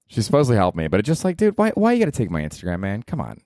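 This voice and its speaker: A man in his forties talks in a low voice through a casual solo podcast from his apartment. He rambles, swears freely and pokes fun at himself. The sound is close and dry. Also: wildly swooping pitch, quick pace, a little mellow, dry recording. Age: 40s. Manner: rambling, profane, self-deprecating. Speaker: podcast host and comedian.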